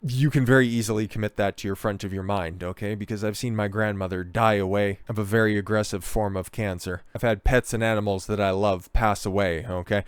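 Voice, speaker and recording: A man's voice: fairly low pitch, fairly even intonation, a little fast, hardly any pauses, clean tone, no room sound. A man hosting a commentary video, talking in a blunt, profane, lecturing way. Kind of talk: casual commentary.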